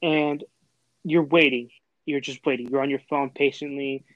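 A man's voice: mid-range voice, fairly even intonation, normal speed, a bit bright, no echo, dull audio. A young man from Texas, hosting a casual chat and telling a long, rambling story full of fillers and restarts. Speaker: host.

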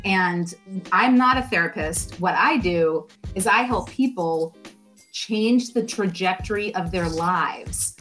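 A middle-aged woman, a life coach, talking as a podcast guest in a lively, expressive way with playful asides. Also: lowish voice, slow, faint music behind. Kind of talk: podcast interview.

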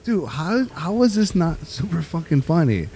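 A man co-hosting a casual weed podcast, giggly and animated, swearing freely. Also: a little high, moderate pace, slight background noise. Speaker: podcast co-host. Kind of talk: casual stoner chat.

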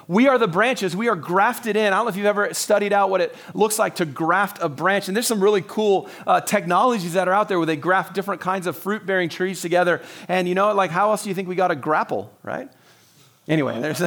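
A man with a fairly high, slightly bright voice preaches a Sunday sermon as pastor, talking with the congregation more than lecturing them. He acts out short dialogues with God and laughs often, keeping things loose and personal.

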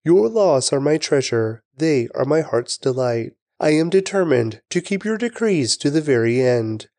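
A man giving a steady, reverent scripture reading. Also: fairly high pitch, unhurried, no echo. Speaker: scripture reader.

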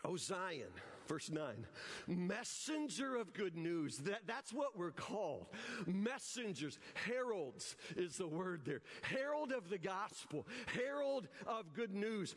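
A high-voiced preacher delivering a lively, joking sermon. He swings from easy, chatty asides into full-throated shouts. His words ring out with a long reverb through a church hall. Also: unhurried. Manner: animated and joking, breaks into shouts. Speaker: pastor.

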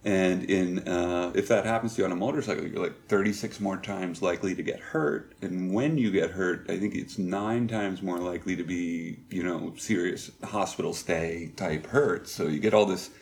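Deep gravelly middle-aged man, halting. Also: darkish tone. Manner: halting and reflective, many pauses and fillers. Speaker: guest. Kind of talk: candid personal storytelling.

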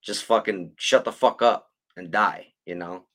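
Deep-voiced man, blunt and profane. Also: measured pace, bright, forceful tone. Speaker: podcast host. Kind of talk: casual podcast chat.

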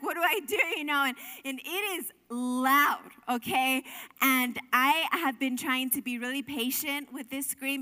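A woman's voice: sits high, sharp tone. A young woman preaching a sermon in an earnest, conversational way, full of asides and restarts. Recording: long hall reverb.

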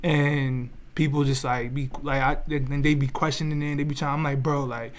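A podcast co-host with a mid-range voice speaks at a moderate pace in a relaxed, casual way. His phrasing is loose and slangy, and he often restarts his sentences and checks in with listeners with "you feel me."

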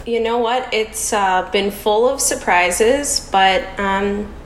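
A woman's voice: mid-range voice, slow pace. A woman guest on a podcast, speaking thoughtfully with some hesitation. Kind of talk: casual interview talk. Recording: echoey room with faint noise.

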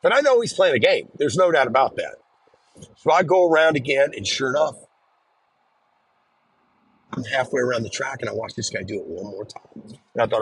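A man's voice: mid-range voice, expressive, moderate pace, long pauses, husky, dry recording, low-quality recording. A man earnestly recounting his own experience in a conversational storytelling style, often restarting his sentences. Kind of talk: personal storytelling.

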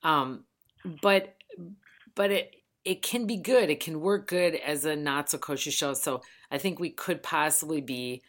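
A woman's voice: sits low, measured pace. A woman hosting a podcast over the phone, chatting casually, rambling and swearing freely. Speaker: podcast host. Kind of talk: casual chat. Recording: phone line.

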